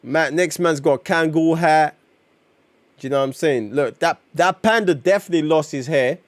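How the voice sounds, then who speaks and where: Slangy streamer. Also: male voice, a little high, normal speed, no echo. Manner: slangy and excitable, reacting to chat. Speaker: streamer reading comics. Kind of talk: casual live-stream chat.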